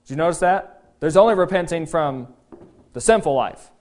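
Male pastor, sermon, high and very lively pitch, emphatic. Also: moderate pace. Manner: animated, emphatic, acts out quotes.

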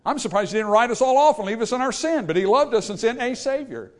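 Guy preaching, highish voice all over the place, acts out the people he quotes, gets loud then goes quiet. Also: expressive, fast. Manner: swings from hushed asides to loud preaching peaks. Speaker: pastor. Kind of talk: sermon.

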